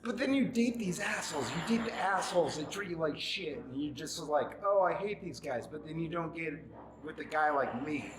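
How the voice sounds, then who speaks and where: A man in his forties ranting at the camera, angry and mocking, often shouting. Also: a little high, normal speed, reverberant, background noise. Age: 40s.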